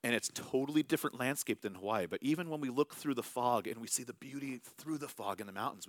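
A man's voice: mid-range voice, quick pace, hardly any pauses, no room sound. A man in his thirties preaching a sermon as pastor, in a conversational, self-amused way with small acted asides.

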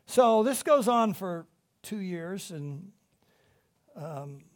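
High-voiced man preaching animatedly. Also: extremely slow. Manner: animated storytelling, swings between loud emphasis and hushed tones. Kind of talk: sermon.

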